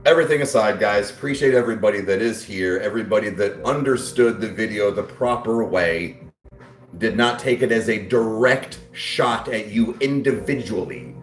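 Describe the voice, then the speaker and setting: A man's voice: lowish voice, normal speed, echoey room. A man hosting his channel in casual chat, crude and brash, rambling and defiant. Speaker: YouTube channel host.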